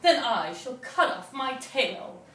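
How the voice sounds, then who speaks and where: A woman storyteller voicing a wry, sorrowful female dove who rattles off her woes quickly. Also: sits high, big pitch swings, a bit bright, slight background noise, exaggerated voice. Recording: roomy live room from a distance.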